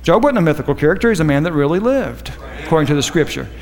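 A man's voice: fairly high pitch, lively intonation, racing, in a large hall. A man preaching a sermon, fervent and repetitive, with rambling asides to the congregation.

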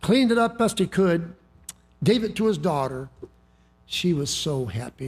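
High-pitched preacher guy, chatty sermon storytelling, trips over his words a lot. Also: expressive, normal speed, gravelly, breathy edge. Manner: folksy storytelling with frequent restarts. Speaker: pastor.

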